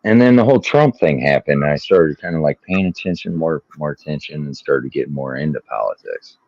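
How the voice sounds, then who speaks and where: Deep-voiced profane male storyteller. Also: a little fast, vocal fry, dry recording, highs cut off. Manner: profane, animated retelling. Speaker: podcast co-host. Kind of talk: casual chat, storytelling.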